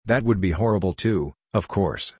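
A man reading the part of a chatty young woman who gets upset easily, in a soft, slowed delivery. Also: low voice, animated, breathy edge, no echo, clean studio sound.

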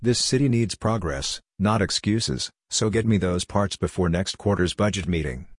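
A man's voice: low voice, normal speed, breathy edge, no echo, clean studio sound. A man reading the part of a brusque, bossy middle-aged city official who barks orders impatiently. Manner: barking, impatient.

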